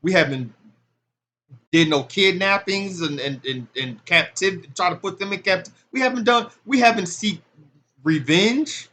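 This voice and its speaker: High-voiced man preaching with fervor. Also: normal speed, sharp tone. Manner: street-talk, rising to emphatic preaching. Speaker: religious commentator. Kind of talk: impassioned casual commentary on scripture.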